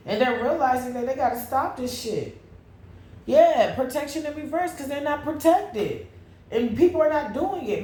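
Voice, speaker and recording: A woman's voice: fairly high pitch, darkish tone. A woman doing a casual tarot reading, blunt and profane, breaking into sing-song asides. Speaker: tarot reader. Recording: echoey room with faint noise.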